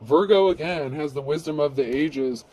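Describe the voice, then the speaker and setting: A man's voice: on the high side, normal speed, a little mellow, muffled recording, slight background noise. A man giving a casual, rambling tarot reading, blunt and freely swearing. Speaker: tarot reader.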